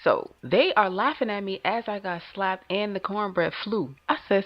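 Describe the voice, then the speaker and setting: A woman's voice: mid-range voice, expressive, normal speed, hardly any pauses, no room sound, lo-fi sound. A woman co-hosting a podcast in casual chat, laughing often while she recounts childhood memories. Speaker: podcast co-host.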